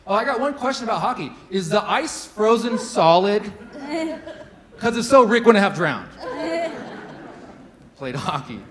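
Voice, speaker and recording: Stand-up man, high lively voice, crowd laughing. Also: low-quality recording. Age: 30s. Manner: conversational, self-deprecating, frequent fillers. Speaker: stand-up comedian. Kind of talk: stand-up comedy set. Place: large hall with a live audience. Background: audience laughter.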